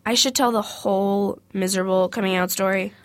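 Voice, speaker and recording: A young woman reluctantly telling a painful personal story, halting with many fillers. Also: medium pitch, steady tone, no echo. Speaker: interviewee.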